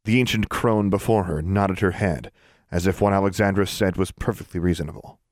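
A man narrating a story as an audiobook reader, in an expressive storytelling manner. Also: low voice, a little fast, no echo, clean studio sound. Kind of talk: scripted narration.

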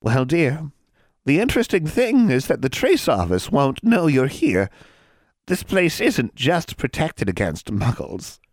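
A wheedling, falsely sweet old hag from a storybook, put on by a male reader. The voice sits well above the man's own deep register and drips with cunning. It sounds a little distant from the mic in a dry, dead room. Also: wildly swooping pitch, unhurried, dry recording.

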